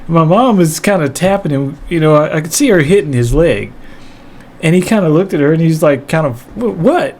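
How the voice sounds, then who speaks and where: Guy telling a funny story, kinda high voice, laughs a lot, cusses casually. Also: a little fast. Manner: animated, laughing, profane. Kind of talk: comedic storytelling monologue.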